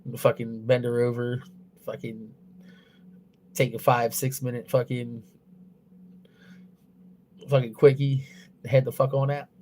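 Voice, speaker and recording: A man's voice: mid-range voice, level tone, measured pace, pauses often, mellow, a little hiss or hum. Crude, blunt young man streaming. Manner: crude, blunt and heavy on swearing; loose, rambling delivery with restarts. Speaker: livestreamer. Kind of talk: casual livestream chat.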